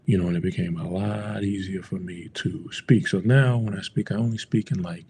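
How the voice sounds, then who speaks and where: Speaking at a normal speed in a low, steady, mellow voice, a man from the US talks to the camera about Spanish phrases for travel, with a little hiss or hum audible. His delivery rambles, peppered with "like" and "you know."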